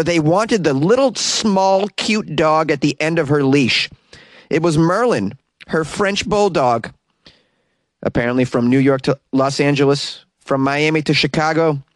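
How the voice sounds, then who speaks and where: A man's voice: mid-range voice, no echo. A man hosting a talk radio show, ranting in an exasperated, incredulous and jokey way, taking calls from a studio. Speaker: radio host. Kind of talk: solo talk radio rant.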